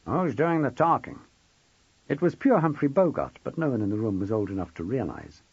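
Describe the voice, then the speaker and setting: A man narrates a scripted audiobook with a wry, expressive delivery, his pitch rising and falling widely over a husky edge. He reads at a quick pace, and the dry, somewhat dull recording has no room sound.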